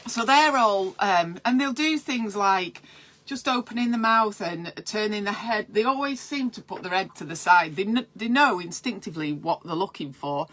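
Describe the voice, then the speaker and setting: A midwife talks casually through breastfeeding advice from home, her voice bright and forward. She wanders off topic to chat with viewers before finding her thread again. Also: medium pitch, expressive, moderate pace, slight background noise. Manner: chatty and digressive, breaks off to read viewer comments. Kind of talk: live-streamed breastfeeding advice.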